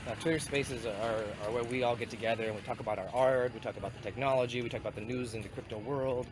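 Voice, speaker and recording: A man's voice: medium pitch, fairly even intonation, fast. Man with a cold vlogging outdoors. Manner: rambling, conversational, self-correcting. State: has a cold. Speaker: vlogger and community founder. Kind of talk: casual walking vlog talk. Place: outdoors walking through town to a river. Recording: clear outdoor street noise.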